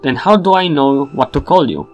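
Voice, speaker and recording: A man's voice: fairly high pitch, lively intonation, normal speed, lo-fi sound, soft background music, natural voice. A man voicing a bossy young male ship bartender who talks like a drill sergeant, barking orders in an officious way. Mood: interrogating. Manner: barking, officious, then chummy.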